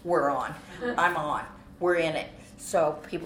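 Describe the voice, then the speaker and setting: A woman telling a personal faith testimony as an animated story, with frequent restarts and repeated words. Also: sits low, unhurried, roomy sound, noisy background. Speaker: speaker giving a personal testimony.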